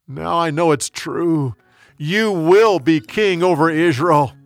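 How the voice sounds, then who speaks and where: A man's voice: fairly high pitch, slow, dry recording, soft background music, pitched above the performer's own voice. A man doing a weeping remorseful king. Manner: tearful, broken, raised.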